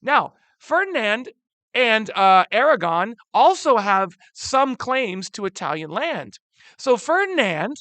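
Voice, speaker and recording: A man teaching a history lesson in a casual, animated way, using slang and often calling his students "guys.". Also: high-pitched, no room sound. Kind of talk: casual classroom lecture.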